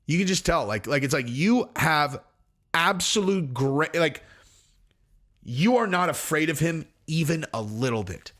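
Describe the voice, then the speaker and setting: A man's voice: on the high side, animated, normal speed, a bit bright. A man hosting casual commentary, talking in an emphatic, rambling way with frequent restarts. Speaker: host.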